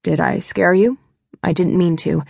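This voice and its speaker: Lady doing a charming young bank guy from an audiobook, easy and jokey, a bit gravelly, dry close sound. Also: fairly low pitch, fairly even intonation, a little slow, a little mellow, dry recording, exaggerated voice. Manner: easy, joking, friendly. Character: smooth, charming young male bank worker. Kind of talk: audiobook dialogue.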